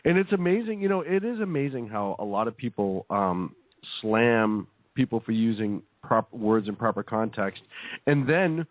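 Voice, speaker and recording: A man co-hosting a talk radio show chats casually, joking and laughing often between hesitant restarts. His mid-range voice is very animated at a normal speed, and the recording is dry and tinny, like a phone, with no echo.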